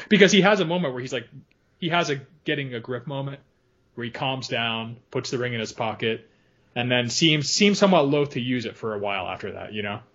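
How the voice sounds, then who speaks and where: Animated man chatting about a film. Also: medium pitch, a little fast, highs cut off. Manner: animated, laughs often, quotes lines in funny voices. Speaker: podcast co-host. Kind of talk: casual film discussion.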